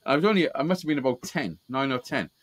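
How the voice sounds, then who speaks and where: On a low-quality recording, a live call-in stream host talks fast in an expressive, medium-pitched voice. He tells casual stories full of swearing and keeps laughing at his own tales.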